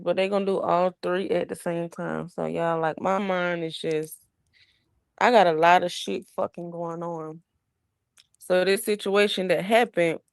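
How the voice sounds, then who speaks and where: A woman's voice: fairly low pitch, gravelly, darkish tone, clean tone, no room sound. A young woman chatting casually on a livestream, greeting viewers and talking about her kids while burping a baby.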